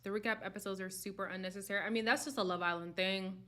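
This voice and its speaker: A young woman hosts a casual live stream and talks frankly to her viewers. Her delivery is chatty and unguarded, full of quick laughs. Her voice sits at an ordinary middle pitch for a woman. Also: fairly even intonation, pushed and bright. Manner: chatty and candid, with frequent laughs and "like" fillers. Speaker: host of a live reality-show chat stream.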